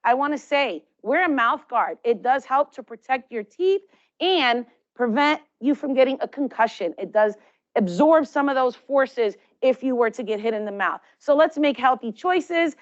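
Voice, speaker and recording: High-voiced woman giving dental tips. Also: animated, unhurried, highs cut off. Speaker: dental health presenter. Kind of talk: instructional talk to children.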